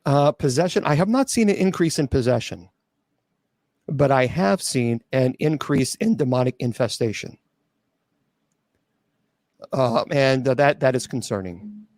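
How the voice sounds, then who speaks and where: A man's voice: mid-range voice, animated, measured pace, long pauses, darkish tone, dry recording, clean studio sound. A celibate clergyman taking viewer questions on a livestream, blunt and sarcastic, with frequent restarts and stumbles.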